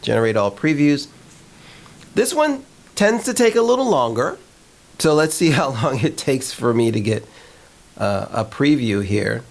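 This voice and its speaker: Gravelly-voiced man hosting a tech review. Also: medium pitch, big pitch swings, a little slow, pauses often. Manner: candid, opinionated, conversational. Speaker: host of a filmmaking channel. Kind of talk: casual tech review talk.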